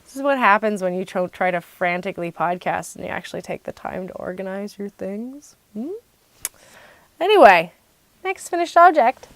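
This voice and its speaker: A woman's voice: medium pitch, moderate pace. Bubbly woman hosting a craft podcast. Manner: bubbly and excitable. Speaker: podcast host. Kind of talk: casual chat.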